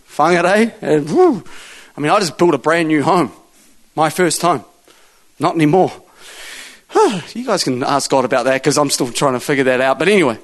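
A man preaching a sermon, telling a testimony story and acting out the dialogue before building to forceful exhortation. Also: fairly high pitch.

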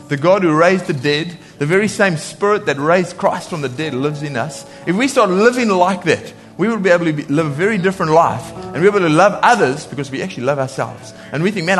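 A man preaching a sermon in a lively way, laughing often and acting out voices when he quotes people. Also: a little high.

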